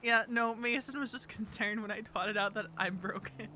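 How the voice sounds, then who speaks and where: A woman's voice: mid-range voice, moderate pace, sharp tone. A woman chatting casually in character during a roleplay game, laughing often. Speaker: streamer playing a roleplay character.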